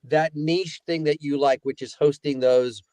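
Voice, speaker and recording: A voice-actor guest who tells stories in a loose, rambling, animated way, his voice sitting on the higher side for a man. The recording is close and dry, with no room sound. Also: unhurried, no echo. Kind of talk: casual chat.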